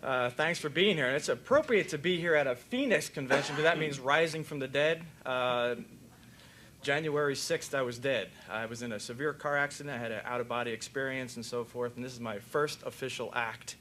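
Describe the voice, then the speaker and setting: An older man, a veterinarian, giving a joking, folksy talk at a convention and telling stories with animated voices. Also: medium pitch, brisk, slight background noise. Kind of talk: conference talk with told jokes. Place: convention hall.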